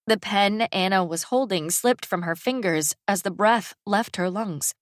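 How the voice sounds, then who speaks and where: Woman reading an audiobook, slow and steady, dry close sound. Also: mid-range voice, no room sound. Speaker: audiobook narrator. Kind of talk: scripted narration.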